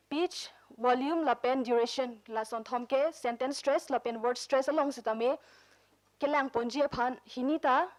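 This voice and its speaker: A woman's voice: sits high, rough recording. A woman presenting a workshop lecture, mixing two languages as she explains terms and examples. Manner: switches between Karbi and English, explains with examples. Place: conference room.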